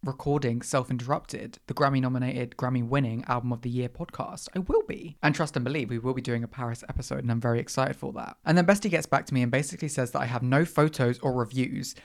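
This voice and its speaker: A podcast host telling a story in casual, animated chat full of slang and dramatic asides. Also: mid-range voice, fast talker, hardly any pauses.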